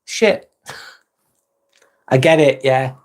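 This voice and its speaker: A man's voice: medium pitch, drawn-out words, a little hiss or hum. An English man hosting a casual live-stream chat, joking, teasing himself and swearing freely. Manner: sweary, joking and self-mocking.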